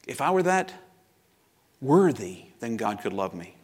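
A man's voice: mid-range voice, big pitch swings, a little slow. A man in his fifties preaching a sermon as pastor, reflective and confessional, with personal asides.

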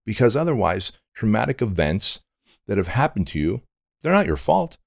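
Gravelly low-voiced man, blunt and intense. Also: very animated, moderate pace, darkish tone, no echo, studio quality. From Armenia. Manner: intense and blunt, casual swearing. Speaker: guest. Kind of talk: candid storytelling interview.

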